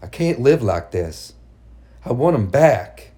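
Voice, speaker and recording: A man's voice: mid-range voice, sing-song, slow, dark tone. A man voicing a mother driven mad by grief, speaking in a cold, bitter, commanding way in a storybook reading. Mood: demanding.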